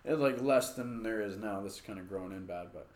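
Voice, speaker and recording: A man's voice: fairly low pitch, brisk. Profane, rambling man in an echoey room. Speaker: podcast co-host. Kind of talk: casual chat.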